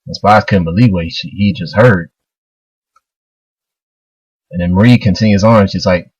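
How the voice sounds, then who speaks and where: A man's voice: deep voice, normal speed, pauses often, breathy edge, no echo, dull audio. A man casually retelling a manga chapter, loose and rambling, full of fillers. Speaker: manga reviewer.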